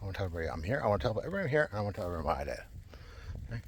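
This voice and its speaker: A man's voice: fairly low pitch, big pitch swings, rapid-fire, slight background noise. A man talking to camera in a rambling, digressive monologue, repeating himself and laughing often. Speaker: vlogger.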